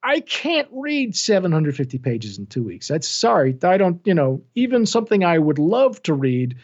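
Middle-aged male narrator, animated and self-deprecating, slightly high voice, muffled lo-fi audio. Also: moderate pace. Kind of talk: casual interview chat. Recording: dull lo-fi sound.

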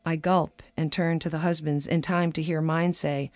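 A woman's voice: low voice, level tone, moderate pace, few pauses, darkish tone, no room sound. A woman commentator reading her own wry personal essay in a conversational way, slipping into quoted dialogue.

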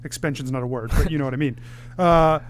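A man running a tabletop role-playing game as game master, narrating scenes and explaining rules in a relaxed way. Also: fairly high pitch, fast talker, slight background noise.

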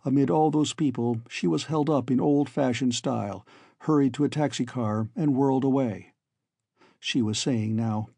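Male audiobook narrator, first-person story, dark mellow tone, dry close recording, measured. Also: medium pitch, slightly rough, no room sound.

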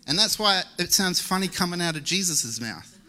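A man's voice: high-pitched, lively intonation, moderate pace, bright, forceful tone. A young man preaching a church sermon in a casual, joking way. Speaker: lay preacher. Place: church service.

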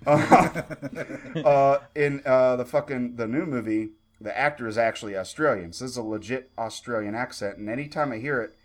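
A man's voice: mid-range voice, moderate pace. A man co-hosting a casual chat, talking in a rambling way with lots of fillers and the odd curse. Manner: rambling, profane, with many fillers. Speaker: podcast co-host.

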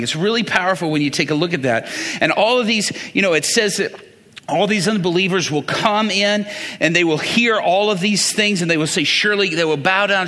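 Guy preaching casual style, bright tone, asks the crowd stuff, big echoey church room. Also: high voice. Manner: asks the congregation questions, talks through Bible passages. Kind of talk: conversational sermon.

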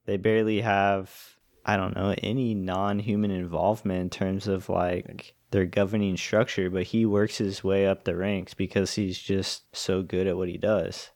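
A man's voice: deep voice, little pitch movement, moderate pace, darkish tone. A man in a casual chat, explaining his views thoughtfully with many fillers.

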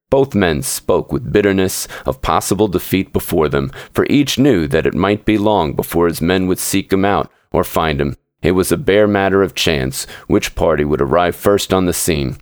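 A man with a very deep voice reads a classic short story for his podcast. His narration is measured and steady. The sound is close and dry, with no room around it. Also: no echo. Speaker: podcast host and story reader.

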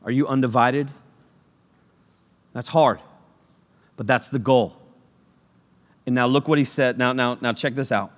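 A man preaching a sermon, energetic and jokey, swinging between loud bursts and hushed passages. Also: medium pitch, unhurried, long pauses. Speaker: youth pastor. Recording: long reverb of a large hall.

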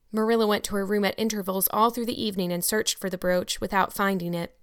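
A woman narrating a chapter of a classic novel for a podcast book club, in measured, clear storytelling. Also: mid-range voice, steady tone, no echo, clean studio sound. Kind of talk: scripted audiobook narration.

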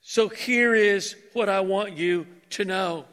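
In a large church hall whose long reverb trails after every phrase, a male pastor preaches slowly in a high, bright voice. He is lively and joking, drawing his congregation in.

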